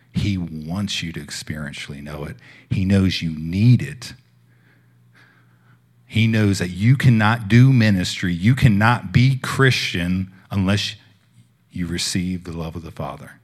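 A young man preaching, telling a personal faith story in a casual, heartfelt way that swings between hushed and loud. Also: low voice, measured pace, breathy edge. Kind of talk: sermon testimony.

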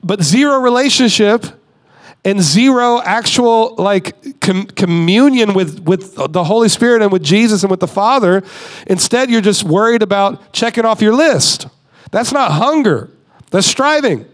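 A man with a high voice preaches in a casual, conversational way. He leans into points with emphasis and slips into quick mock voices to act out the people he mentions. He sounds like a guest speaker in his thirties. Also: animated. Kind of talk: sermon.

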